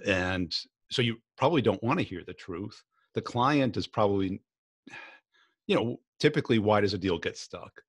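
Low-voiced man hosting a podcast. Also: expressive, moderate pace, slightly rough, dry recording, clean studio sound. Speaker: podcast host. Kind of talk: conversational interview.

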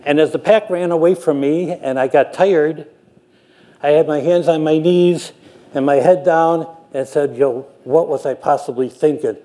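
An older man, a production manager, telling a self-deprecating story with frequent halting restarts. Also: fairly high pitch, fairly even intonation, mellow. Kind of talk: anecdotal storytelling talk.

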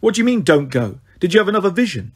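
A man voicing a brisk young sorceress. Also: sits high, sing-song, breathy edge, heavily acted. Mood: matter-of-fact. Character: sharp, practical young sorceress. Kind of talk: audiobook character voice.

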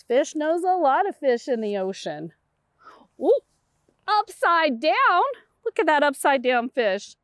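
A woman's voice: sits high, sing-song, takes it slowly, a bit bright, no echo, clean studio sound. Sing-song woman reading to toddlers. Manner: sing-song, exaggerated and encouraging, with many delighted gasps. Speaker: children's librarian.

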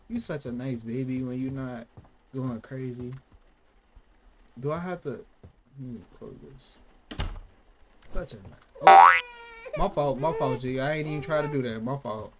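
Animated man reacting to a game. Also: mid-range voice, unhurried, long pauses, slight background noise. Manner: reactive, swearing, sudden loud outbursts. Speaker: gaming channel host. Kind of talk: casual gaming commentary. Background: loud game music.

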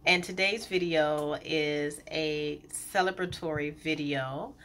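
A woman in her thirties talking to her viewers in a candid, chatty vlog, pausing often with fillers. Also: low voice, fairly even intonation, a bit bright, a little hiss or hum. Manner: chatty, candid, gets emotional, many fillers. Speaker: colon hydrotherapist and business owner.

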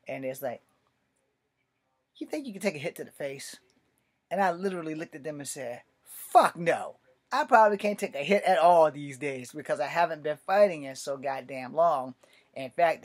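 A man in his late forties telling a story and ranting about martial arts training, blunt and full of swearing, dropping to low mutters and then bursting out loud. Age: 40s. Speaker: martial arts video maker. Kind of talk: profane storytelling rant.

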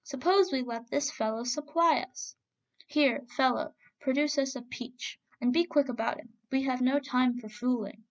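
A woman's voice: high voice, moderate pace. A woman doing a haughty mandarin official. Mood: commanding. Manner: commanding, mocking. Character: proud demanding male mandarin official. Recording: dull lo-fi recording.

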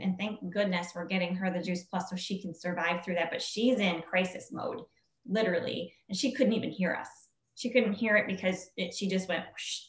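A woman telling a story casually to a group, acting out what people said in a higher voice. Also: echoey room, low-quality recording. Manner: chatty, acts out quoted speech in a higher voice. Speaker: team member sharing a story.

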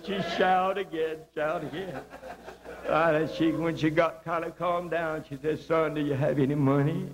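Man, evangelist, sermon testimony, rises high when stirred, fairly high voice, humming old 1980s video recording. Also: background noise. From South Georgia, US. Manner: impassioned storytelling, voice swinging high on emphasis.

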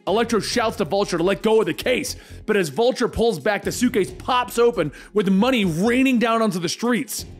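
A man narrating a comic book story in brisk recap style. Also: high-pitched, faint music behind.

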